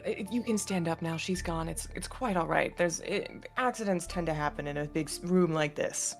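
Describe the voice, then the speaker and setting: A woman's voice: on the low side, moderate pace, soft background music, natural voice. A woman voicing a polite, formal lady at a royal celebration in a tabletop game. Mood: gracious. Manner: formal, gracious.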